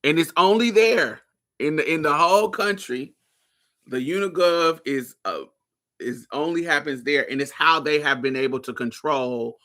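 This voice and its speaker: A podcast host from Indianapolis, USA, talks in a mid-range voice with a bright, forceful tone. His casual livestream commentary is loose and profane, and he keeps checking that listeners are following along.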